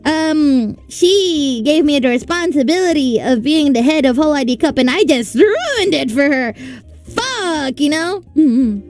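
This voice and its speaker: A woman chatting casually on a livestream, telling stories in a playful, animated way and laughing often. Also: high-pitched, measured pace. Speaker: streamer and event organizer. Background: faint background music.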